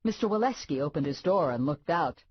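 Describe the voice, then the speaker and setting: Low husky woman narrating an audiobook. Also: expressive, a little fast, no echo, muffled recording. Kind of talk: first-person audiobook narration.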